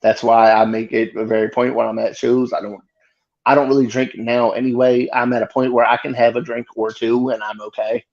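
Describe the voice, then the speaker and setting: A man, a guest comedian, telling a story in casual chat with lively, freely swearing delivery. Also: mid-range voice, fairly quick, highs cut off. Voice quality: animated retelling, swearing freely.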